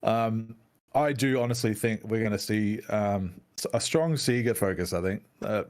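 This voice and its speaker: A man co-hosting a casual gaming podcast, chatty and excitable, swearing freely as he talks. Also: on the low side. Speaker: podcast co-host.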